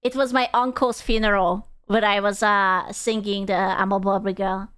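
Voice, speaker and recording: A woman's voice: medium pitch, flat delivery, moderate pace, fairly bright tone, clear, resonant tone. A woman streaming casually as she reacts to videos, talking bluntly, swearing freely and telling personal stories with little sung bits.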